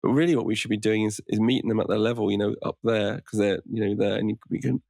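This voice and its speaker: A man with a lowish, gravelly voice chats as a podcast guest. He talks in an easygoing, rambling way, restarting his sentences often. The recording is dry and close. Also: steady tone, quick pace, darkish tone, no echo. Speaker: podcast guest, meditation teacher. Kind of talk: casual conversation.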